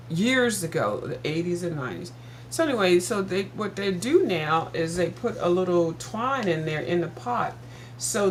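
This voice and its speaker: With a mid-range voice and a little hiss or hum in the background, an older woman vlogger chats casually to her viewers, telling a story full of asides. She's chatty, calls her audience "girl," and grows animated as she retells things.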